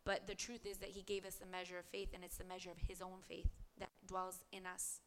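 A woman's voice: on the low side, monotone, brisk, fairly bright tone. A woman preaching a podcast sermon, reading scripture aloud and asking earnest rhetorical questions.

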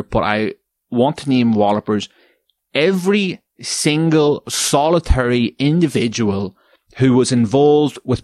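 A man hosting a podcast, sweary and exasperated, ranting and climbing into high shouts. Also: no room sound. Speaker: podcast host. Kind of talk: ranting comedic podcast segment.

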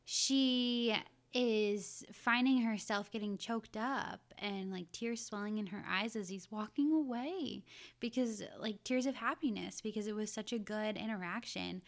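A woman co-hosting a podcast, giving emphatic, animated opinions on a dating show in casual talk. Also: mid-range voice, a little slow. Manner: animated, emphatic, sometimes teasing. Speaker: podcast co-host. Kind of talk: casual recap chat.

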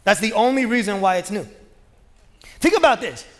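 A man's voice: high-pitched, very animated, moderate pace, fairly bright tone. A man preaching a sermon as pastor, talking in a casual, joking, conversational way. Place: church sanctuary. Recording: long reverb of a large hall.

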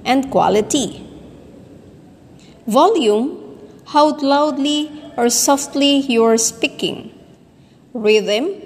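A woman teacher giving a voice lesson, speaking slowly and deliberately and demonstrating sounds and word stress. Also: fairly high pitch. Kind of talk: recorded voice lesson. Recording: long reverb.

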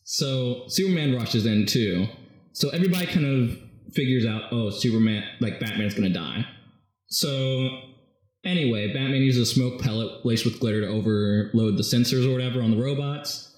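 A man in casual chat, animatedly retelling a comic story and slipping into quick quoted voices. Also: mid-range voice, darkish tone. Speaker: podcast co-host recapping a comic. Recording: echoey room.

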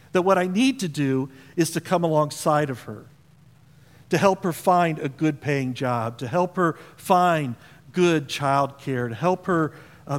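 A man's voice: a little high, big-room sound. A man preaching a sermon as pastor, talking conversationally and asking the congregation questions. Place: church auditorium.

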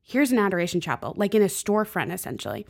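A woman co-hosting a casual talk, telling a story in a lively way and laughing easily. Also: mid-range voice, quick pace, vocal fry, breathy edge. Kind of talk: casual chat.

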